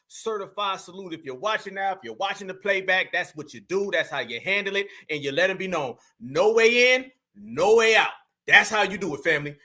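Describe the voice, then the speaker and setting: A man's voice: sits high, sharp tone. A man hosting a live stream, giving emphatic, preaching commentary to his audience. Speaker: stream host.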